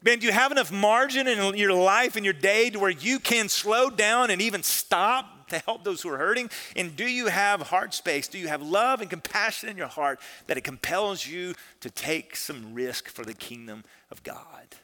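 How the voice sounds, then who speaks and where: A male pastor preaching a sermon, telling a story with lively swings in loudness and acting out the voices of the people in it. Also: high voice, normal speed, hardly any pauses. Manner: animated storytelling with dramatic shifts in loudness, acts out quoted voices; conversational, peppered with "man" and "listen".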